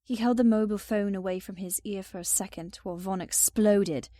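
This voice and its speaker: Mellow-voiced woman narrating an audiobook. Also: mid-range voice, steady tone, brisk, no echo, studio quality. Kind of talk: first-person audiobook narration.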